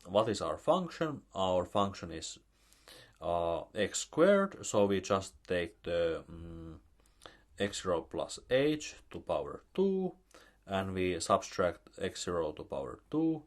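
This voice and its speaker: Male math lecturer, Finnish accent, slow and halting delivery with a varied pitch. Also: big pitch swings. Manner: slow, halting, with many fillers.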